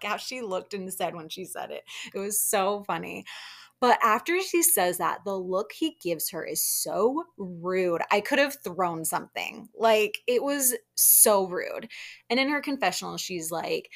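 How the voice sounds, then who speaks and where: A young woman talks straight into the mic in a casual solo recap, heated and opinionated. Her voice sits at a middle pitch, and she keeps breaking off with asides and exasperated sighs. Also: expressive, unhurried, fairly bright tone. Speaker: podcast host recapping reality TV.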